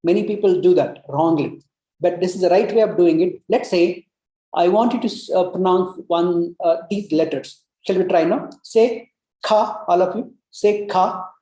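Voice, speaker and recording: Breathwork teacher, soft warm tone, coaxing and repetitive, demonstrates humming; echoey room. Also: mid-range voice, unhurried. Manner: coaxing, repeats cues, many "you know" fillers; demonstrates long humming sounds. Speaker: breathwork instructor. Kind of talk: guided breathing lesson. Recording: roomy echo.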